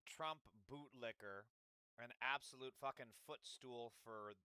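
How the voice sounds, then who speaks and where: Bright, crisp-voiced man livestreaming. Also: mid-range voice, slow pace, no room sound. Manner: rambling, profane, talks while eating. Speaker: livestream host. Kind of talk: casual livestream chat. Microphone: desk microphone, close.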